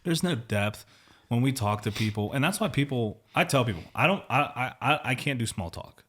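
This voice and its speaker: A man's voice: mid-range voice, animated, a little fast, a bit bright. A man hosting a podcast, talking in a rambling, candid way with many restarts and lots of "like". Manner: rambling, candid, says like a lot. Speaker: podcast host. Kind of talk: casual interview chat.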